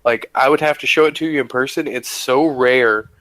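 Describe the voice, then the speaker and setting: A man's voice: mid-range voice, normal speed, a bit bright, no echo, rough recording. A man co-hosting a podcast, chatting casually and enthusiastically with lots of "like" fillers. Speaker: podcast co-host. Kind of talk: casual chat.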